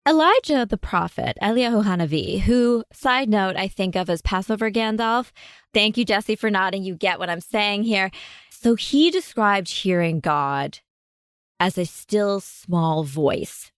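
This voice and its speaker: A woman hosting a podcast in casual chat, lively and quick to laugh. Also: mid-range voice, clean tone, no room sound, clean studio sound. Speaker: podcast host.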